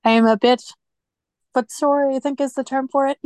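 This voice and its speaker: A woman co-hosting a podcast in casual chat, talkative and quick to laugh. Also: sits high, fairly even intonation, darkish tone, no room sound. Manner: chatty, laughs easily. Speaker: podcast co-host.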